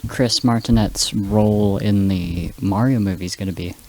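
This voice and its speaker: Low-voiced rambling man. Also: moderate pace, mellow. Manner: rambling, loses words mid-story. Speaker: podcast co-host. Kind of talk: casual chat.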